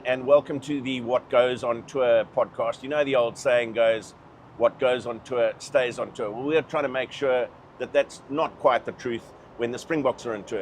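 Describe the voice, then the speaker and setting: A man's voice: medium pitch, a little hiss or hum. A man from South Africa hosting a casual podcast chat, bantering and joking with his co-host and guest. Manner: chatty, jokey banter.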